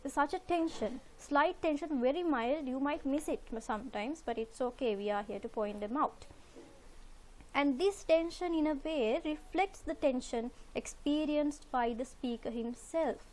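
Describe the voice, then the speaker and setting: A woman's voice: high-pitched, measured pace, a little mellow. A woman teaching a literature lesson over slides, working step by step, asking rhetorical questions and repeating key words. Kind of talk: recorded lecture over slides.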